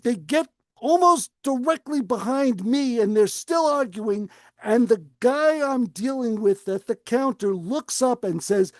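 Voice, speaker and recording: A man's voice: very high voice, dry recording. A man co-hosting a radio car show, telling a long story and acting out the voices of the people in it. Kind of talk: casual storytelling on talk radio.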